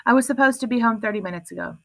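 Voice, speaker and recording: A woman's voice: fairly high pitch, very fast, gravelly, fairly bright tone, no room sound. A woman voicing an insistent, snappish teenage girl in an audiobook.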